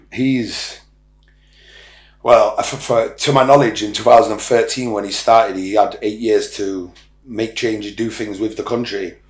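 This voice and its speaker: Blunt, swearing man in a roomy room. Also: on the low side. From Ireland. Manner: blunt, swears freely, rambling. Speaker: podcast guest, social media influencer. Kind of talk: casual interview talk. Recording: roomy echo.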